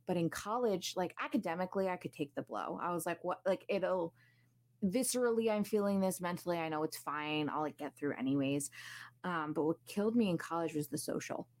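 Woman host, twenties, lower register, candid solo podcast telling, lively and chatty. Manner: candid, energetic, heavy use of "like". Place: room at home, recorded at night.

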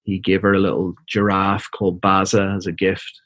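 A middle-aged man with a fairly low voice speaks softly as a guest on an interview show. He tells a personal story in a reflective, halting manner and often repeats words as he gathers himself. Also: completely flat delivery, no echo. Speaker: interview guest, seminary professor and minister.

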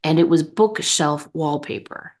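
A woman co-hosting a spiritual podcast, telling a personal story in an animated, chatty way. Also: sits low, measured pace. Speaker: podcast co-host. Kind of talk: casual chat.

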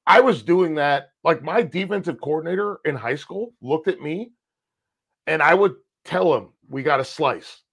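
A man co-hosting a podcast, telling personal stories in a casual, animated way and swearing freely. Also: on the high side, moderate pace, vocal fry, slightly rough. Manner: animated, swears freely, acts out past conversations. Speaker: podcast co-host. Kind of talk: casual storytelling chat.

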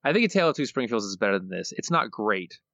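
A man's voice: fairly low pitch, very animated, fast talker, bright, forceful tone, no echo, muffled recording. A man co-hosting a casual podcast, laid-back and wry, mostly giving brief replies. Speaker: podcast co-host.

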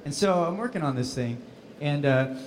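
Man, voice actor, animated and laughing, a bit high, noisy room. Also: moderate pace. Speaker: voice actor guest at a convention panel. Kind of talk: casual convention Q&A.

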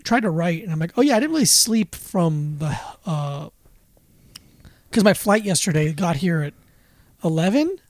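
A man's voice: fairly high pitch, lively intonation, no room sound. A young man co-hosting a podcast, goofy and teasing in casual chat. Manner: goofy, quick-witted, teasing. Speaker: podcast co-host.

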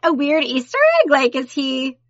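A woman's voice: high voice, moderate pace, no room sound, muffled recording. A woman co-hosting a casual movie-review chat, talking freely and laughing often. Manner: chatty, laughs often, animated. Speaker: podcast co-host.

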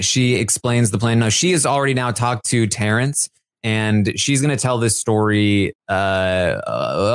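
A man's voice: mid-range voice, smooth, no echo. Brief: male podcast co-host, chatty and rambling, dry close sound. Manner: rambling, lots of fillers, quotes houseguests in a lively voice. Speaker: podcast co-host recapping a reality show. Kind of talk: casual chat.

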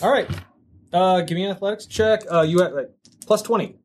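A young man running a tabletop game as game master, talking haltingly and restarting often as he describes scenes. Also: sits high, slight background noise.

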